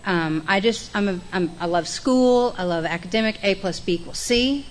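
A woman's voice: mid-range voice, normal speed, a little hiss or hum. Frank, wry woman telling her story. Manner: frank and profane, self-mocking, acts out quoted voices. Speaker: speaker sharing her recovery story at a meeting. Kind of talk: candid personal testimony.

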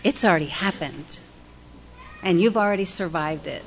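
A woman's voice: fairly low pitch, normal speed, slight background noise. Candid woman sharing her recovery. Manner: candid, self-deprecating, folksy. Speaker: recovery meeting speaker. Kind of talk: personal recovery talk with guided breathing.

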